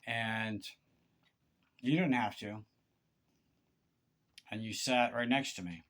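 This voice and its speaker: A man giving a confessional monologue to one person, halting and aggrieved, with stammered restarts and repeated words. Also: fairly low pitch, fairly bright tone. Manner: aggrieved, pleading. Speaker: vlogger.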